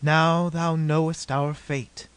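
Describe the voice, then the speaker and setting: A man reading aloud, voicing a grave, despairing woman who rules an undersea city and speaks slowly in old-fashioned words. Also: on the high side, expressive. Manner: slow, solemn, old-fashioned speech.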